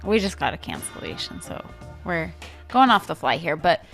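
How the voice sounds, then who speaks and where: A woman co-hosting a podcast in casual chat, brisk and steering the conversation. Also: fairly low pitch, sing-song, music in the background. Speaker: podcast co-host.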